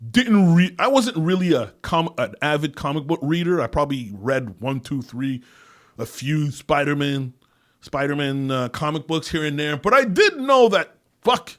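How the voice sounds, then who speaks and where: A man hosting his own podcast alone, rambling and swearing, laughing often and losing his words, swinging between loud bursts and quiet mutters. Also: a little high. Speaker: podcast host. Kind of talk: casual solo monologue.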